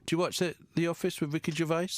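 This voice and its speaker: A man's voice: fairly high pitch, little pitch movement, fast talker, no room sound. Rambling, jokey male radio presenter. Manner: rambling and jokey, laughs at his own quips. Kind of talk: casual studio chat. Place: radio studio.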